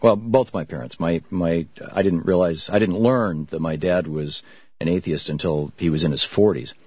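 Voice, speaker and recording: A middle-aged man from Michigan hosting a call-in radio show, telling stories and answering callers in a halting, reflective way. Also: deep voice, slightly rough, no room sound. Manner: reflective storytelling, halting with restarts. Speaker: radio talk show host. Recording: dull muffled radio broadcast.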